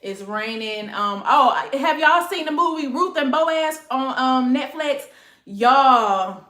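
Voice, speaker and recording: A woman's voice: a little high, bright, forceful tone. Chatty woman livestreaming. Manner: chatty, rambling, addresses viewers as y'all and honey. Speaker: livestream host. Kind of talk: casual livestream chat. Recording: echoey room.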